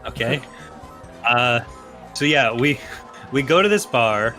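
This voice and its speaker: A man's voice: mid-range voice, expressive, slow, sharp tone, faint music behind. A young man telling a story casually while playing a racing game, laid-back and sweary, laughing through it. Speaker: co-player.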